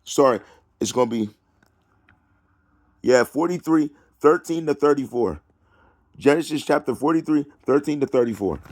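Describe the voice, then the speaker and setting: A man reading scripture aloud and breaking off into loud preaching and taunting, drawling slowly through the verses. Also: mid-range voice, lively intonation. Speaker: self-styled preacher.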